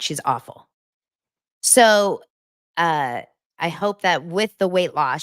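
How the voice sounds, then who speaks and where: A woman's voice: no room sound, studio quality. A woman in her forties hosting a podcast, chatting casually about TV and laughing often. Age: 40s. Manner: animated, acts out quotes in a higher voice, laughs often. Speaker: podcast host. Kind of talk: casual pop-culture recap chat.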